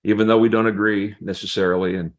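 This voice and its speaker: An older male pastor with a fairly low voice tells humorous stories as an interview guest. He laughs often and slips into other people's voices as he acts out what they said, in an easy, chatty way. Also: little pitch movement, fast. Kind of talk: storytelling in a casual interview.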